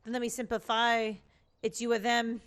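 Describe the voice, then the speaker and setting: A woman's voice: a little high, monotone, normal speed, fairly bright tone, close to an everyday voice. Sinister, coaxing friar villain; woman voicing. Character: scheming, nihilistic male friar villain.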